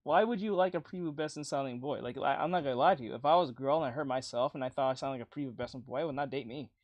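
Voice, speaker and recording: A man's voice: mid-range voice, very fast, dry recording, lo-fi sound. A young man with a boyish, youthful-sounding voice chatting casually on a livestream, rambling, laughing often and swearing freely.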